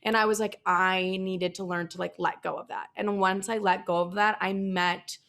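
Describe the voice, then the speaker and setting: Woman with a gravelly, creaky voice. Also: medium pitch, level tone, normal speed, fairly bright tone. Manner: chatty, acts out her own past thoughts in quotes. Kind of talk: casual podcast chat.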